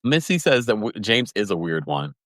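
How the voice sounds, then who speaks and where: A man hosting a livestream podcast recap, chatty and animated, laughing often and reading viewers' comments. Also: on the low side, normal speed, no room sound. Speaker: podcast host recapping reality TV.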